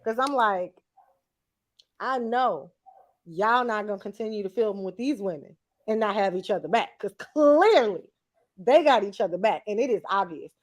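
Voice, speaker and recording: A woman's voice: mid-range voice, animated, normal speed. A woman co-hosting a casual reality-TV recap chat, blunt and slangy, laughing often. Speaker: podcast co-host.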